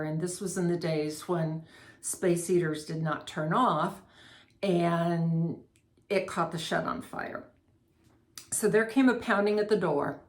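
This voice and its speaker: A middle-aged woman chatting through a candle review, reading scent notes and telling a long personal story in an unhurried, savoring way. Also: on the low side. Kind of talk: casual product review and storytelling.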